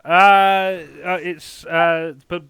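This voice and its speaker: A man's voice: high-pitched, little pitch movement, drawn-out words, pushed and bright, clean tone. A man hosting an online comedy panel, hesitant with many fillers and laughing often.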